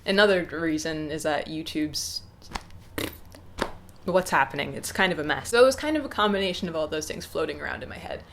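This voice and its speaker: A young woman in her twenties talking to camera off the cuff, hesitant and reflective, with many pauses and restarts. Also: low voice, animated, vocal fry, slight background noise. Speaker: YouTuber. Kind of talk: casual unscripted talk to camera.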